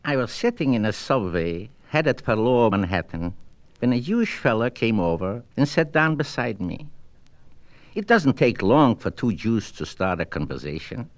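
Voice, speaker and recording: A man reading humorous stories aloud in a dry, low-key, deliberate manner. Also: sing-song, no room sound. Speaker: storyteller. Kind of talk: storybook reading.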